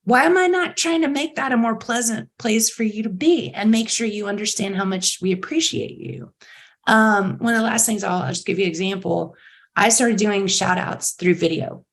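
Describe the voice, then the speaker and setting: A middle-aged woman, a company chief executive, telling stories in an interview with lively enthusiasm and acting out the voices of others. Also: mid-range voice, moderate pace. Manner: enthusiastic, acts out quotes in bright voices. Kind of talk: animated interview storytelling.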